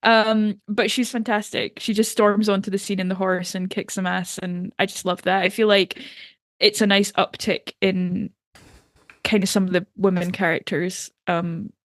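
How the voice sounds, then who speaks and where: Woman, podcast co-host, enthusiastic, laughs often, dry sound, mid pitch. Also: level tone, normal speed, dry recording. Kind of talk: casual TV recap chat.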